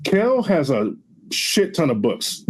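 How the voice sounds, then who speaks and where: A man's voice: fairly high pitch, big pitch swings, slow pace, rough recording. Chatty man hosting an interview. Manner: chatty, laughs easily, addresses his audience. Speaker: interview show host.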